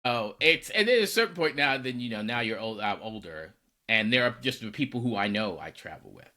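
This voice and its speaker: A man co-hosting a conversational podcast, his voice swooping up and down as he tells personal stories. He sounds bright and forceful, and he slips into the voices of the people he quotes. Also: mid-range voice, a little fast. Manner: animated, acts out quoted dialogue. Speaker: podcast co-host. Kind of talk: casual conversational storytelling.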